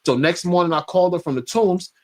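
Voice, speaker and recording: A man's voice: sits high, quick pace. New man telling a story. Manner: animated anecdote-telling, acting out dialogue. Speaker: interview guest. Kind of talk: casual storytelling.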